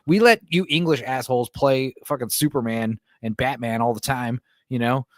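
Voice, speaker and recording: A man's voice: mid-range voice, moderate pace, dry recording, studio quality. A man hosting a loose livestream chat, swearing freely and reading viewer comments aloud. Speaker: podcast host.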